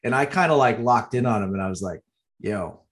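A man's voice: medium pitch, lively intonation, quick pace. A man co-hosting a casual movie podcast, telling anecdotes in a laid-back way with casual swearing. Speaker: podcast co-host, filmmaker. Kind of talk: casual movie chat, storytelling.

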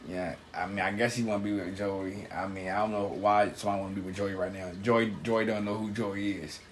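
A man co-hosting a casual TV recap chat, talking in a halting, laid-back way with slang and repeated words. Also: on the low side, flat delivery, a little hiss or hum. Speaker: podcast co-host.

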